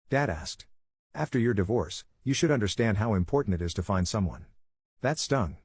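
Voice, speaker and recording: Male narrator, low husky voice, dry close mic, even story read. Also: no echo.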